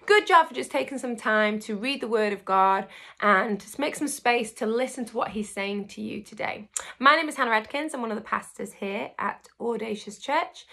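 A woman pastor giving a video devotional in an encouraging, lively storytelling manner. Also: on the high side.

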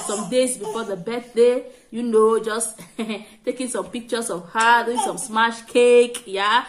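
A young woman chatting to camera at home in a bubbly, giggly way, repeating phrases when excited. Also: on the high side. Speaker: vlogger host. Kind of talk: casual vlog chat to camera. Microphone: camera set up in front of her.

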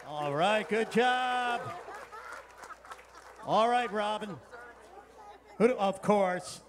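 A man's voice: sits high, expressive, extremely slow, a crowd in the background. A man giving a keynote talk to a live audience, playfully coaxing them to join in. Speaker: keynote speaker. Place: conference hall with a live audience.

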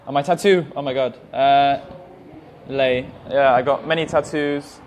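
Man, 20s, English accent, English teacher, live-stream Q&A, hesitant, unhurried, middle pitch. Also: fairly even intonation, a little hiss or hum. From England. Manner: hesitant, with many ums, speaks slowly and carefully. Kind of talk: live-stream Q&A reading viewer comments. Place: language school.

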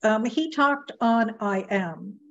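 A woman's voice: a little high, slow pace, fairly bright tone. A woman interviewing a guest in casual conversation, mostly giving brief agreeing replies. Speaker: interviewer, mindset consultant. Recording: dull muffled audio.

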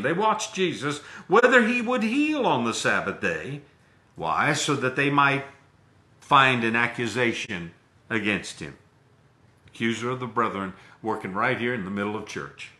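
Bright-voiced male pastor preaching dramatically. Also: medium pitch, very animated, moderate pace, roomy sound. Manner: dramatic preaching with wide swings in loudness and pace. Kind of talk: sermon.

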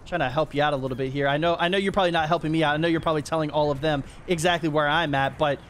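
A young man commentates a match in a high, bright voice, quick to excitement and laughter as he talks at the players. A faint hiss of noise sits under his voice. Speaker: gaming YouTuber. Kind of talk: gameplay commentary.

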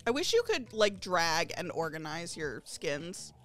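A woman streaming a game live, chatting to her viewers and gushing excitedly over new items. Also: fairly low pitch, measured pace. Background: faint game lobby music.

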